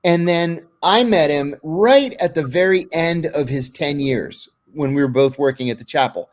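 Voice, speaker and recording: A man with a fairly high voice talks at a normal speed as an interview guest. He tells blunt, vivid anecdotes and acts out what people said to him.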